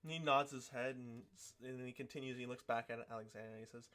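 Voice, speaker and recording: A man's voice: mid-range voice, fairly even intonation, fast, hardly any pauses, sharp tone, smooth. A man running a tabletop game as game master, narrating casually with loose fillers.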